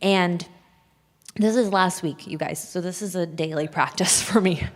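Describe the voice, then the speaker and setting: A nervous, candid woman talks openly to a gathered audience, her voice a touch low for a woman. Her words ring out with a long hall reverb trailing behind them. She sounds shaky, yet she keeps going in a frank, confessional manner. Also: moderate pace. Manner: open, confessional, breaks into nervous laughs. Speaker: speaker sharing a personal testimony. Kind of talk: candid personal talk to an audience. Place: large hall at a church event.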